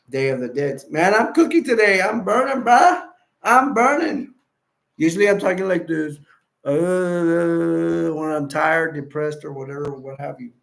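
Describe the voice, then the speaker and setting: Reading through viewer comments, a livestream host keeps the chat casual, rambling, and playful, with frequent easy laughter. His voice is fairly high-pitched and full of vocal fry.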